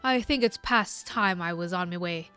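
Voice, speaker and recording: A woman voicing a folksy older male summoner who speaks in a rough dialect, saying 'me' and 'ye', lower and softer than her own voice. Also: normal speed, faint music behind. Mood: gruff, fond.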